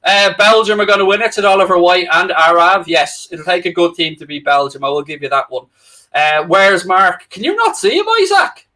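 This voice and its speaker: A man's voice: high voice, fairly even intonation, moderate pace, sharp tone. A young man with an Irish accent, co-hosting a football watchalong stream, chatting casually and jokily with viewers and reading out their comments. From Ireland. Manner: chatty, jokey, addresses viewers directly. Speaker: co-host of a football watchalong livestream.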